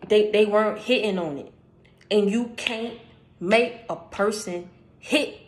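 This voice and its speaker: A woman's voice: medium pitch, slow. Woman, channel host, casual spiritual talk; direct, emphatic, repetitive for stress. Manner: emphatic, repeats phrases for stress; conversational, addresses listener directly.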